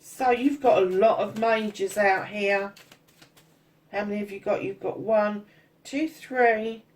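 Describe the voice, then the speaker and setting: A woman's voice: mid-range voice, steady tone, takes it slowly. A woman doing a casual tarot reading, chatty and blunt, swearing freely and calling her listeners darlings. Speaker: tarot reader.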